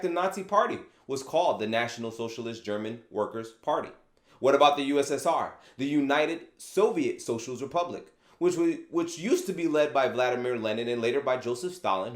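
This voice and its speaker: Man, vlog host, opinion commentary, lively swooping delivery, sarcastic asides, echoey room. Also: medium pitch. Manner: animated, rhetorical questions, sarcastic asides. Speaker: channel host.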